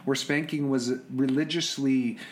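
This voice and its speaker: A middle-aged man telling personal stories about being a father, animated, often repeating words and restarting sentences. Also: medium pitch, a little slow, slight background noise. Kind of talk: casual storytelling.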